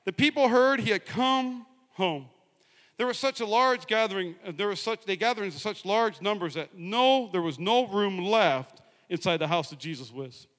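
A man preaching a lively sermon in a large church, joking and rallying the congregation. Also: sits high, normal speed, in a large hall. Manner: energetic, joking, rallying the crowd with call-and-response. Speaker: pastor.

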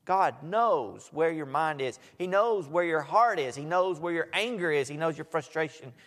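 A man preaching a sermon, swinging from soft asides to loud, emphatic lines. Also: fairly high pitch, expressive, moderate pace. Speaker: pastor. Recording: echoey hall.

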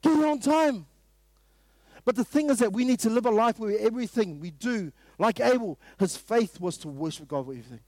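A man with a New Zealand accent preaching a sermon at a morning prayer meeting, emphatic and full of repeated rhetorical questions, now and then rising to a loud burst. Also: high voice, fast, hardly any pauses, no room sound.

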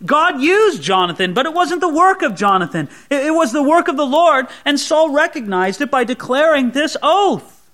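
Male pastor, expository sermon, high voice with wide swings between hushed asides and emphatic peaks. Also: very animated, normal speed. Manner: voices imagined sweet prayers mockingly.

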